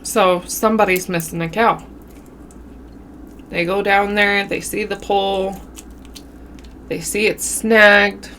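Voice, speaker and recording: A woman vlogger casually telling a spooky story while eating, with a runny nose and an animated, drawn-out way of talking. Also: mid-range voice, a little hiss or hum. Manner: animated storytelling with southern-style "y'all". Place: home, eating on camera.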